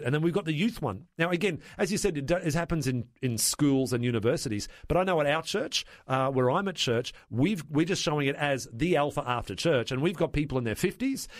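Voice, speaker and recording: A man's voice: fairly high pitch, no room sound, studio quality. Earnest older man with restarts. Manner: earnest, rambling with many restarts. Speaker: guest. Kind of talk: casual radio interview.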